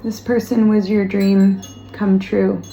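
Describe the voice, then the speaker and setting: A woman giving a tarot reading straight to the viewer, talking gently and reassuringly and repeating words for emphasis. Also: medium pitch, little pitch movement, slow pace, vocal fry, faint music behind. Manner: speaks of spiritual guidance. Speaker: tarot reader. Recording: roomy echo, faint background noise.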